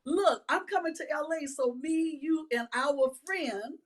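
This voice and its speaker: A woman's voice: high-pitched, a little slow, a crowd in the background. A woman guest in an interview, speaking sincerely and openly emotional. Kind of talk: heartfelt conversation.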